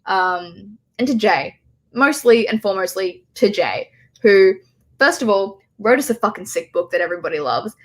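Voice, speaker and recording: A woman's voice: medium pitch, animated, normal speed. A woman hosting a casual livestream, emotional and choked up, rambling and swearing with bursts of laughter.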